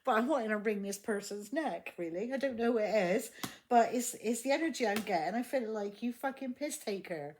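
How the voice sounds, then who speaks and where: A woman's voice: on the high side, a little fast, darkish tone, a little hiss or hum. A woman giving a casual tarot reading, blunt and exasperated, swearing heavily and laughing often. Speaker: tarot reader.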